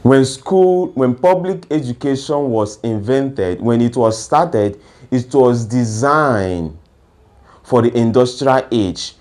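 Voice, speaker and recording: A man speaks at an unhurried, measured pace, leaving room between his phrases. His pitch sits in an ordinary middle range. He lectures by posing rhetorical questions and answering them himself. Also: darkish tone. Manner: slow and deliberate, asks rhetorical questions then answers them. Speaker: education speaker. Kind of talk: lecture-style talk.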